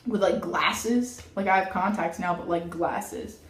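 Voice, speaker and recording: A young woman telling a childhood story in a casual storytime vlog, dramatic and animated, saying "like" constantly. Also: on the low side, a little slow. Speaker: vlogger. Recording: roomy, mic at a distance.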